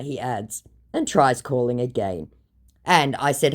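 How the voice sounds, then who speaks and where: A woman recounting a scammer's chat messages with blunt, sarcastic, deadpan asides. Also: a bass voice, moderate pace. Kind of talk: storytelling commentary.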